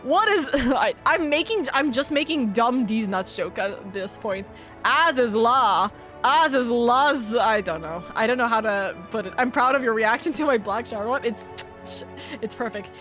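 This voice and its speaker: A woman's voice: a little high, normal speed, fairly bright tone. A woman with a stuffed nose streaming a game, giggling constantly and swearing casually. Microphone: streaming mic. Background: faint game music.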